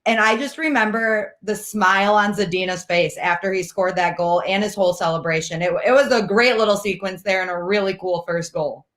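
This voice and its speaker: A woman's voice: medium pitch, fairly quick, hardly any pauses, fairly bright tone. A woman on a sports talk show, chatting eagerly and a little tentatively about a memory. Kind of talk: casual chat.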